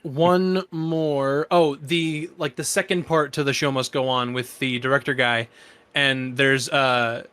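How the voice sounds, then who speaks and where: A man's voice: mid-range voice, steady tone, unhurried, a bit bright, smooth. A man co-hosting a gaming podcast, recapping scenes in a loose, rambling way with casual swearing. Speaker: podcast co-host. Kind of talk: casual chat.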